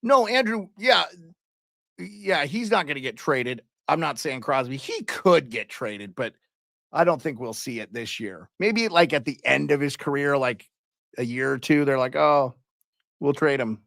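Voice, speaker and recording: A man's voice: a little high, expressive, moderate pace, creaky, a bit bright, no echo, clean studio sound. A man hosting a casual live hockey stream, chatting loosely and calling out viewers and their locations. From Canada.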